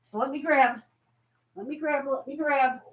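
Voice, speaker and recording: A woman's voice: sits high, steady tone, moderate pace. A woman hosting a live jewelry auction stream, chatty and folksy, laughing often and getting emotional.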